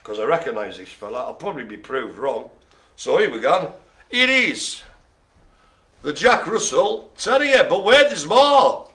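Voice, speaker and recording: Lively, bright-voiced joking male bingo host. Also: medium pitch, moderate pace. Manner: theatrical jokey showman who laughs often. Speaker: host calling dog bingo. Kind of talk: live comedic bingo hosting. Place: room with colleagues present.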